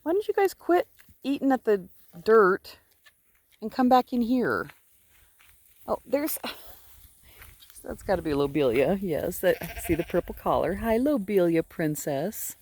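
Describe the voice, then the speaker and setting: A woman's voice: medium pitch, very animated, a little slow, long pauses, a little mellow. A woman filming a casual vlog outdoors by a pasture, chatting and cooing at her sheep in a sing-song voice. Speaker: sheep farmer. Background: faint sheep bleats.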